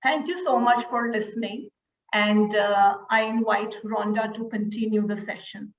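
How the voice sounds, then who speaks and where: A woman panelist speaking slowly and deliberately in an online discussion, pausing between phrases. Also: medium pitch, fairly even intonation. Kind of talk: presentation and discussion. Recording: echoey dull video call audio.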